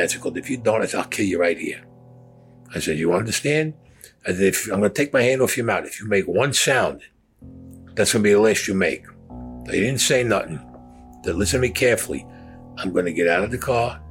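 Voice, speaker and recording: A man's voice: lowish voice, low-quality recording. A man bluntly recounting his own past in a casual, profane storytelling style, often acting out what was said. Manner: blunt, profane, acts out quotes.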